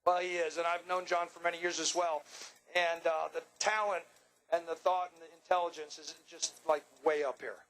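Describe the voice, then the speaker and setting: A man's voice: fairly high pitch, steady tone, moderate pace, a bit bright, poor audio. A man announcing and interviewing racers in a drag strip winner's circle, joking and bantering with brash energy. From Long Island, New York. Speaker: track announcer.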